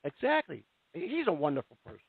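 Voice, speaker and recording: A high-voiced man hosts a call-in radio show, swearing freely and circling back over his own sentences. His pitch leaps around as he goes. The sound is thin and phone-like, with no room around it. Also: huge pitch swings, a little fast, gravelly, husky, no room sound. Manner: profane, rambling and heated, with many restarts. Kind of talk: casual call-in radio talk. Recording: tinny, dry phone-line sound.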